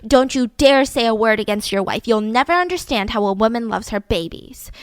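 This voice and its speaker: A woman's voice: fairly high pitch, expressive, brisk, smooth, no echo, clean studio sound, natural voice. Woman voicing a scolding old mother-in-law. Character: stern, protective older mother-in-law.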